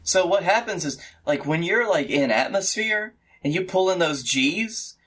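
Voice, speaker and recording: Bright-voiced joking man. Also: high-pitched, lively intonation, measured pace. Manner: dry jokes and nerdy asides. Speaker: podcast co-host. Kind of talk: casual banter.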